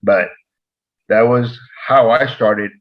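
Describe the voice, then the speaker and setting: A man's voice: mid-range voice, slow pace, lo-fi sound. A man who used to be a probation officer tells a story in casual conversation, acting out the dialogue with energy. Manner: animated, acts out dialogue in the story. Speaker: podcast co-host, former probation officer.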